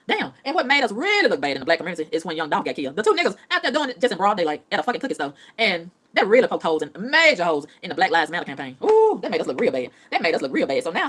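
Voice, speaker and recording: Fast-talking, heated ranting woman. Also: medium pitch, fairly bright tone. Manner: profane, rapid, heated ranting with repeated phrases. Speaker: vlogger. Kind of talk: ranting monologue.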